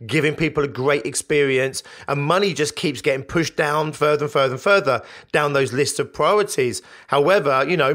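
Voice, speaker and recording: A man's voice: fairly high pitch, fairly bright tone. A man hosting a solo business podcast, coaching listeners in an emphatic, repetitive way. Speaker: podcast host.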